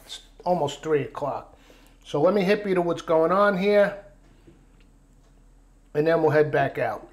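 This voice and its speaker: A middle-aged man from Long Island hosting a cooking vlog, telling a rambling, animated story in a casual chat. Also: fairly high pitch, a little slow, long pauses, no room sound.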